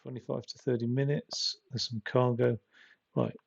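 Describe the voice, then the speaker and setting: Gravelly-voiced man chatting over gameplay. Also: mid-range voice, level tone, normal speed, lo-fi sound. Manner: rambling, swears, chuckles at own stories. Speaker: game streamer. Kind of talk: casual gameplay commentary.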